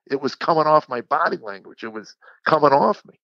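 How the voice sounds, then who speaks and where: A man, a comedian guest on an interview show, telling a candid personal story in a halting, reflective way with frequent restarts. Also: fairly high pitch, expressive, vocal fry, a bit bright, no room sound. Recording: dull lo-fi sound.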